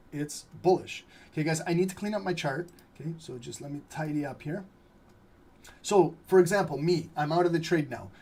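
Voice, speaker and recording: A man's voice: fairly high pitch, a little mellow. A man hosting a live trading stream, talking casually through charts and asking viewers questions. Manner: casual, asks viewers questions, frequent "okay?". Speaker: trading livestream host. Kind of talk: live market analysis.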